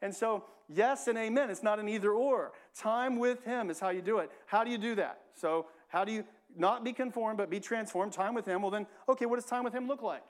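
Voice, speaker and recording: A male pastor delivers a sermon in a church. His voice sits high for a man, and he keeps it loose and conversational, repeating key phrases and tossing in "right?" to check on his listeners. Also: a little fast, hardly any pauses. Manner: conversational, repeats himself, frequent "right?" asides.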